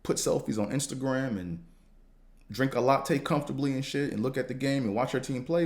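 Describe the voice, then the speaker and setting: A man hosting a podcast, talking in a casual, slangy, profane monologue that rambles and jumps higher when he gets fired up. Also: brisk, darkish tone. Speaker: podcast host.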